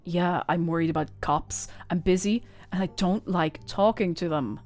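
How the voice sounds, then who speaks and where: A grumpy young cousin, curt and dismissive, read aloud by a woman streamer. Her delivery is clipped and a shade lower than the reader's own talk. Faint game music runs beneath. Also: moderate pace, natural voice. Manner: curt, dismissive, low and flat.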